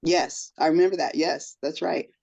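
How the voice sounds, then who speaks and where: A woman's voice: sits low, moderate pace, vocal fry, rough recording. A middle-aged woman telling a personal story in an emotional, earnest way as a podcast guest. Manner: emotional, earnest storytelling with lively quoted voices.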